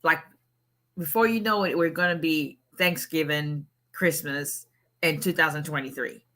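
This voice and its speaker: A middle-aged woman from Africa hosts a casual livestream as a lawyer, greeting viewers and chatting in a relaxed, rambling way. Her voice sits a little low but rings bright and forceful, and she laughs often between points. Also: measured pace. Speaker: immigration lawyer hosting a livestream.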